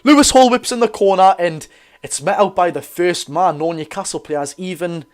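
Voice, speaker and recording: A man's voice: high-pitched, moderate pace. A man with a Geordie accent hosting a live football watch-along, giving chatty commentary, correcting himself and greeting viewers.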